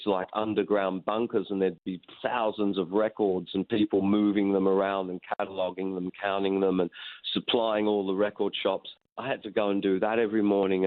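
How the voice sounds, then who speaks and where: A middle-aged musician telling frank, rambling stories in a phone interview, swearing freely. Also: male voice, fairly low pitch. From Australia. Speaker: musician guest. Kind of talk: phone interview, candid storytelling. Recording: tinny phone line.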